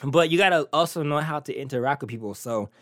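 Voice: mid-range voice, fast talker, fairly bright tone, dry recording, studio quality. A talk show host in a casual solo chat, sassy, brash and teasing with the listeners. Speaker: podcast host.

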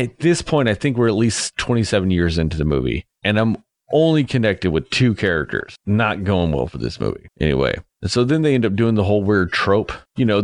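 A young man with a low voice that leaps up and down as he talks, recapping a film in a loose, rambling rant. He is sarcastic and swears freely, and he drops into mocking voices for the people he describes. The sound is close and dry, with no room around it. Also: no echo. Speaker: movie reviewer. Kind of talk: casual profane movie recap.

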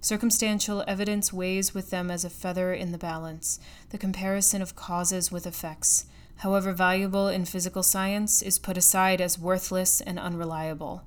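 A woman's voice: fairly low pitch, level tone, moderate pace, smooth, natural voice. Woman voicing a grave, bitter old recluse.

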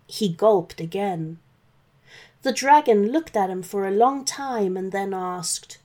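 A woman narrating a children's story in a gentle, expressive read-aloud manner. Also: medium pitch, slow.

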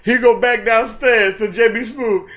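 Podcast co-host, male, high-voiced, loose and laughing storyteller who swears freely. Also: unhurried. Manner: animated storytelling, acts out lines, laughs often, swears freely. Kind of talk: casual chat.

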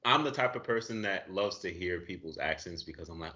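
A man's voice: deep voice, lively intonation, fairly quick, sharp tone. A man from Massachusetts appearing as a guest actor on a podcast, chatting in an upbeat, encouraging, playful way. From Massachusetts, USA. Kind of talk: casual chat. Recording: dull lo-fi audio.

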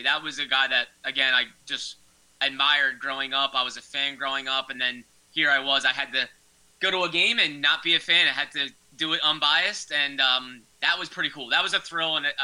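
Earnest young man with a bright voice. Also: medium pitch, low-quality recording. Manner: earnest, hesitant, many fillers. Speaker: guest. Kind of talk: interview answers, casual chat.

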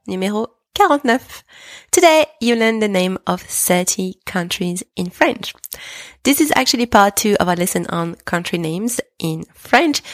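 A woman hosting a podcast language lesson, speaking cheerfully and encouragingly and drilling words with patient, clear repetition. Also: lowish voice, no room sound, clean studio sound. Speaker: podcast host and French teacher.

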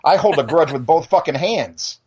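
A man's voice: a little high, animated, moderate pace, darkish tone. A middle-aged male podcast host on a blunt, profane rant, tripping into restarts as he talks. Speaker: podcast and radio show host. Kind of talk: heated casual rant.

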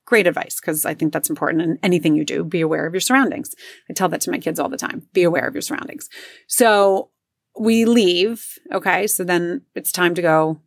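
A woman's voice: on the low side, a little fast, gravelly, no echo, studio quality. A middle-aged woman telling a personal story in a casual, chatty way, full of fillers and acted-out quotes. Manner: chatty, filler-heavy, acts out quotes in raised voices.

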